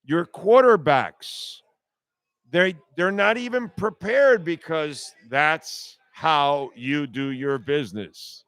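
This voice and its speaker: A man's voice: on the high side, lively intonation, slow pace, fairly bright tone, dry recording. A man hosting a sports talk radio show, ranting bluntly and sarcastically with plenty of profanity.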